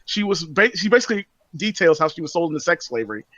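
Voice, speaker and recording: A man in a casual podcast chat, speaking in a heated, opinionated way. His voice sits slightly high. The sound is dry and a little muffled. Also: very animated, fast talker, sharp tone, no echo. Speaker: podcast co-host.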